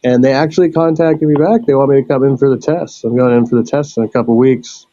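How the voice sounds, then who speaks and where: A man's voice: medium pitch, steady tone, fast, warm tone, no echo, dull audio. A man chatting casually, hesitant and rambling with lots of fillers. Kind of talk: casual chat.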